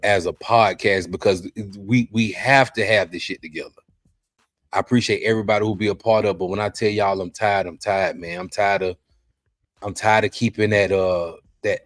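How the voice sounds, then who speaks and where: A man hosting a podcast, talking in an emotional, halting way, worn out and near tears, often repeating himself. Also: lowish voice, dry recording. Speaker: podcast host.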